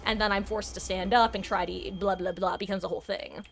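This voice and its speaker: A woman's voice: mid-range voice, fairly even intonation, fairly quick, creaky. A woman streaming a video game live, giving casual, rambling, self-deprecating commentary as she plays.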